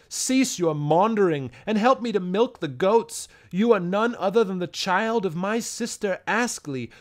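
A man voicing a half-senile old goatherd who scolds and wails in a loud, trembling voice for an audiobook. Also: high-pitched. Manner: wailing, cursing, loud and trembling. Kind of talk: audiobook character voice.

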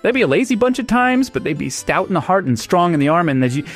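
A man's voice: high-pitched, big pitch swings, fast talker, faint music behind. An AI clone of a man's voice playing a hearty pirate captain in a game, with old-salt speech and oddly dropped Rs. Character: hearty middle-aged male pirate captain.

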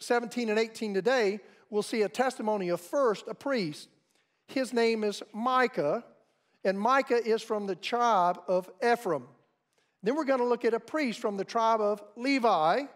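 An American man preaching a sermon as pastor, measured and deliberate, walking through pronunciations. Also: high voice.

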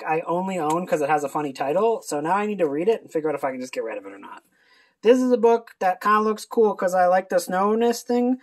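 A booktuber running through a book list in a casual, sarcastic, irreverent ramble with mild swearing. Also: medium pitch. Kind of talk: casual book haul video.

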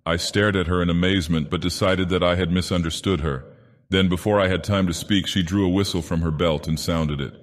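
A man doing a deep, ancient god-villain narrating. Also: fairly even intonation, fairly quick, lightly acted. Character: ancient godlike male villain, grand and menacing. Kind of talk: audiobook narration in character. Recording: long reverb added.

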